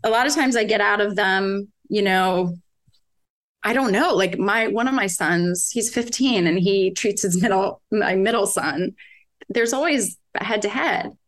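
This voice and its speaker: A woman's voice: medium pitch, unhurried. Earnest chatty mother, rambling. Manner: earnest, rambling with restarts and frequent "like". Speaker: podcast guest, mother. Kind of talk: casual conversation.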